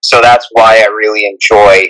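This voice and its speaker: Bright-voiced man with a Persian accent. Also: lowish voice, level tone, moderate pace, low-quality recording. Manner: rambling, earnest, restarts often. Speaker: guest speaker. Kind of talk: casual chat on a live audio room.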